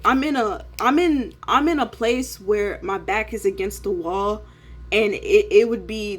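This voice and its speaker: A woman's voice: fairly high pitch, breathy edge. A woman in her twenties giving an emotional, profanity-laced vlog rant, dropping "bro" after almost every line. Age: 20s. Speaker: day trader vlogger. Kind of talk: casual ranting vlog.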